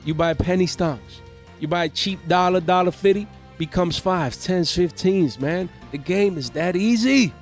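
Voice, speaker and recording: Hype host, man, slangy and excitable, a bit higher voice, faint music bed. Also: a little slow. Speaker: card market channel host. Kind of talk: hyped market commentary. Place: home.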